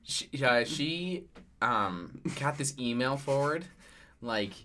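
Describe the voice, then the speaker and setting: A man's voice: medium pitch, animated, takes it slowly, background noise. A young man co-hosting a podcast, telling a childhood story in casual chat, often stopping to correct himself. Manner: rambling, self-correcting storyteller. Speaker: podcast co-host.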